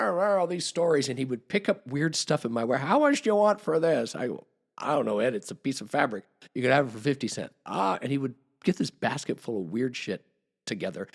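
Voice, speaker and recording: A man guest on a podcast, telling a long, rambling story with restarts and acted-out quotes. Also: medium pitch. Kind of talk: casual storytelling.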